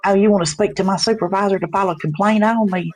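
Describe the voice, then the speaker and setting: A woman's voice: medium pitch, fairly even intonation, quick pace, a little mellow, natural voice. A woman doing a comedy skit as a sassy, blunt older customer service lady with a drawl.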